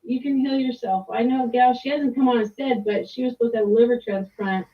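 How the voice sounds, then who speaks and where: A woman's voice: on the high side, steady tone, fast. A middle-aged woman giving a rambling, candid personal testimony with restarts and mild swearing. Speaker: client sharing a testimonial. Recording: tinny phone-like line, distant from the mic.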